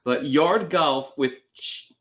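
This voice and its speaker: A man's voice: a little high, takes it slowly, fairly bright tone. A man co-hosting a podcast in casual chat, telling rambling, wry stories. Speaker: podcast co-host.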